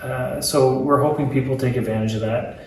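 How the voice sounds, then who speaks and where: A man's voice: medium pitch, steady tone, moderate pace, slight background noise. Guy chatting about his book, jokey and rambling, lots of ums, sounds far off in a big echoey room. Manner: chatty, joking, many fillers and restarts. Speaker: author. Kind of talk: casual interview chat.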